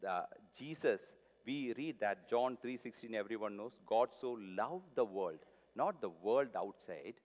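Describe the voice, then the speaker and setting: A man's voice: fairly low pitch, lively intonation, measured pace, darkish tone. A man preaching a sermon, earnest and pleading, repeating his key phrases for emphasis. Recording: long hall reverb.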